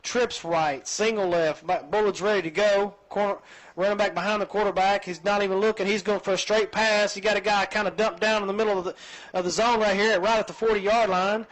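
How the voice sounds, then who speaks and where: A man calling high school football play-by-play in a folksy, chatty way. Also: a little fast, low-quality recording. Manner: folksy, chatty, excitable on big plays. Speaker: play-by-play announcer.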